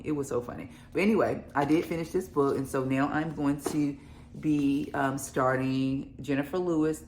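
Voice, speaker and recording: A woman's voice: a bass voice, vocal fry, slight background noise. A woman book vlogger chatting casually to camera, laughing often and filling her talk with "y'all" and "um".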